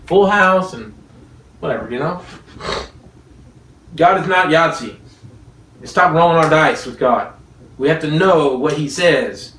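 An animated preacher in an echoey room. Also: mid-range voice, unhurried, pauses often, slight background noise. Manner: animated, acts out quoted dialogue, laughs often. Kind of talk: sermon. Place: room with listeners. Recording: echoey room, mic at a distance.

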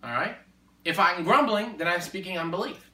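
A man preaching in a conversation, emphatic and repetitive, building to forceful exhortation. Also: high-pitched, normal speed. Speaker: Christian speaker. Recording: echoey room, distant mic.

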